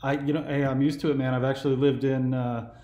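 A man in his forties, originally from California, chats in a loose, meandering way as the host of a casual call. His voice sits in a middle pitch. The recording has a noticeable room echo around it. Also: little pitch movement, quick pace, warm tone. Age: 40s. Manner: easygoing, meandering talk. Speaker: YouTube host. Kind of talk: casual phone conversation.

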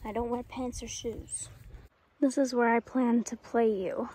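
A young woman from the United States chatting casually in a vlog, excitable and self-mocking, laughing often. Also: fairly high pitch, measured pace. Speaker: vlogger.

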